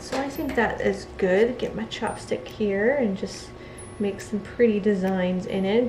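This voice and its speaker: A woman's voice: medium pitch, reverberant, slight background noise, rough recording. A woman chatting casually while making soap, laughing often as she talks. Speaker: soap maker. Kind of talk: casual crafting narration.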